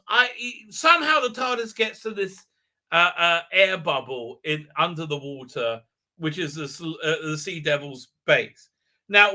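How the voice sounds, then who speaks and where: A man's voice: a little high, bright, forceful tone. A man hosting a live stream, recapping an episode in a sarcastic, rambling way with many fillers. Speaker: host.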